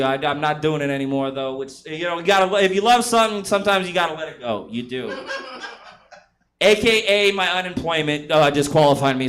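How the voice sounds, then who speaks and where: A man with a high, bright voice rambles through a profane stand-up set, often laughing at his own jokes. He talks into a handheld mic on a club stage, with a faint hiss behind him. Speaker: stand-up comic.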